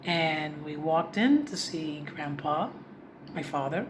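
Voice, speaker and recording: A woman vlogger with a deep voice speaks slowly but animatedly, sharing a personal story with her viewers in a heartfelt, confiding way. There's a lot of noise in the background of the recording.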